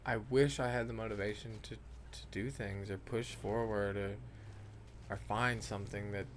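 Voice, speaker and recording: A man's voice: on the low side, steady tone, moderate pace, slight background noise. A young man who rambles and swears a lot, talking casually over gameplay footage and trailing off often. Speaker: gaming vlogger.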